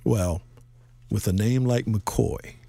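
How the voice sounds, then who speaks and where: A man's voice: on the low side, slow pace, gravelly, warm tone, husky, dry recording. A man hosting a jazz event, introducing players with casual teasing banter and frequent laughter. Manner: joking, teasing, laughs often. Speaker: host of a jazz session.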